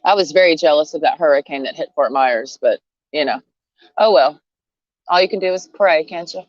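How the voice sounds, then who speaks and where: A woman's voice: sits low, a little fast, no echo. A woman venting in a casual rant to camera, blunt and sarcastic, swearing freely and laughing between jabs. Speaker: vlogger. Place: outdoors, sitting under a tree. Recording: dull, lo-fi sound.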